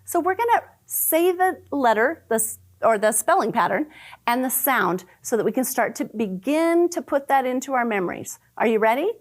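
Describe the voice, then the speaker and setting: A woman teaching a phonics lesson to young children, sounding out letter patterns slowly and praising often. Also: high voice, lively intonation. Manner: slow, exaggerated sounding out of letters; cheerful praise and questions to the listener. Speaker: first grade teacher.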